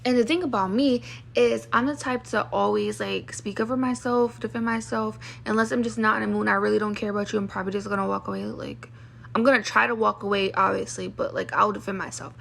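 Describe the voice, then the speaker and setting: A woman hosting a podcast tells her own story candidly, venting frankly and with emphasis. Her voice is medium-pitched, steady, fast, creaky and fairly bright.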